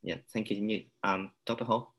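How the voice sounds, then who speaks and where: A man instructor moving a class along, brisk and encouraging. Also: on the low side, fairly even intonation, fairly bright tone. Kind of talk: classroom facilitation.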